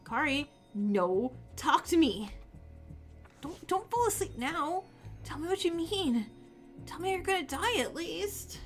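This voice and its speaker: An anxious young game hero who pleads earnestly and frets over a friend, as a woman reads him aloud. The voice is fairly high-pitched and stays close to a natural speaking voice, with faint music underneath. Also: lively intonation, unhurried. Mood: pleading. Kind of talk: reading game dialogue aloud.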